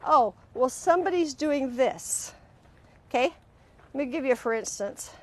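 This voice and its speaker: A woman's voice: high voice, normal speed. A woman hosting a live-stream talk on emotional healing, speaking earnestly to viewers and acting out quoted voices as she goes. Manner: animated, acts out quoted voices mid-sentence; earnest, directly addresses viewers. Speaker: host. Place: at home, on a live video stream.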